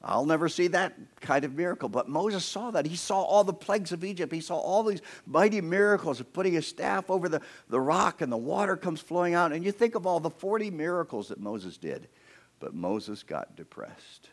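A man's voice: on the high side, expressive, normal speed. A man preaching a sermon outdoors, telling scripture stories dramatically and acting out quoted speakers, with playful asides. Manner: dramatic storytelling, acting out quoted speakers with big swings in loudness. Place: outdoors near a creek.

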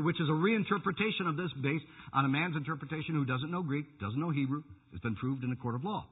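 A man's voice: a little high, husky, long reverb tail. Man preaching over tinny radio. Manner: fiery, emphatic preaching with slow dramatic stresses. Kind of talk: radio sermon. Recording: tinny phone-like radio broadcast.

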